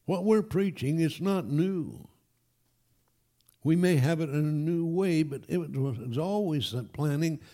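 A man preaching a sermon to his congregation, emphatic and animated, with folksy asides. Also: on the high side, measured pace. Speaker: pastor. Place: church.

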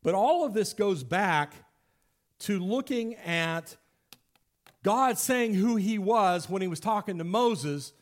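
A man's voice: high voice, expressive, takes it slowly. A man giving a conversational Bible study lesson, explaining step by step with frequent restarts. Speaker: Bible teacher.

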